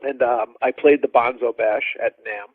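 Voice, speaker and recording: Brief: male musician guest, lively storyteller, phone-quality dry audio. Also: mid-range voice, normal speed, no echo. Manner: animated, rambling, acts out quoted dialogue. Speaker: drummer guest. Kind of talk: casual storytelling interview. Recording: dry tinny phone-like line.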